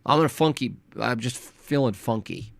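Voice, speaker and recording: A man's voice: mid-range voice, moderate pace, vocal fry, no echo. A man streaming casual, rambling chat, hedging and self-deprecating as he talks.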